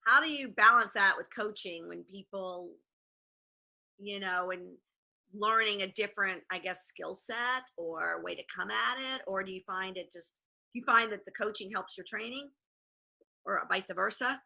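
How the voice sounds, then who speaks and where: Bright, gravelly woman leading a coaching call. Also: medium pitch, normal speed. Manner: upbeat, encouraging, animated. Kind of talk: casual group call.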